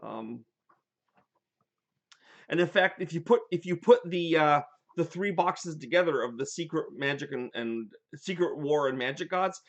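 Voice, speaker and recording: An older man hosting a casual live chat, telling animated stories from his gaming sessions. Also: on the high side, unhurried. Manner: animated storyteller, rambling with restarts.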